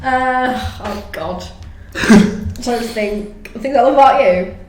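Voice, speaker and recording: A woman's voice: fairly high pitch, takes it slowly, darkish tone, echoey room, slight background noise, poor audio. An eighteen-year-old woman with a Northern English accent, giggly and hesitant as a guest. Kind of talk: casual chat.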